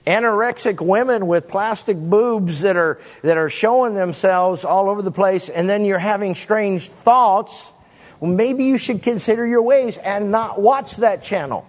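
A man preaching a sermon in an animated way, with sudden swings in pitch and pace. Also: unhurried, long reverb tail.

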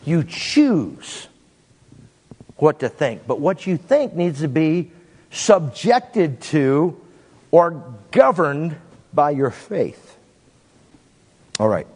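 A man preaching a sermon in an animated way, with sudden swings in pitch and pace. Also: extremely slow, pauses often, slightly rough, in a large hall.

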